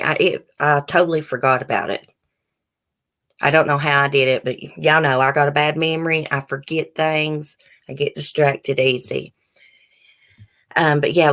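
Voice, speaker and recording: A woman hosting a live stream. She reads news articles aloud and breaks off into heated, indignant commentary and casual chat with viewers. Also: deep voice. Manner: chats directly with live viewers, casual and rambling. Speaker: channel host.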